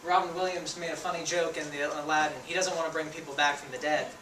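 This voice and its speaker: A man's voice: fairly high pitch, steady tone, quick pace. A young man giving a persuasive contest speech, engaging the audience with questions. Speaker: student speaker. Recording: echoey room, voice from a distance, faint noise.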